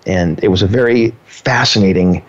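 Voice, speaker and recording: A man talking casually and earnestly about his relationship, telling a story in a measured way with frequent fillers. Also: deep voice. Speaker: partner in a couple being interviewed. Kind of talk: casual conversation. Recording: dull lo-fi sound.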